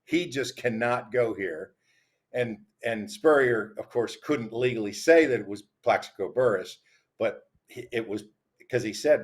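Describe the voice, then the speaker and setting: A man on a sports talk panel, telling stories in a relaxed conversational way. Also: mid-range voice, normal speed. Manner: storytelling, conversational.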